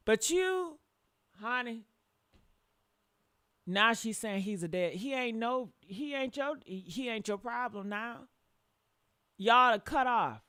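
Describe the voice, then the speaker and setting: A woman hosting a reaction commentary with a hoarse voice, talking in a blunt, profane and preachy way. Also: fairly high pitch, fairly bright tone, no echo, studio quality. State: hoarse from yelling. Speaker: commentary show host.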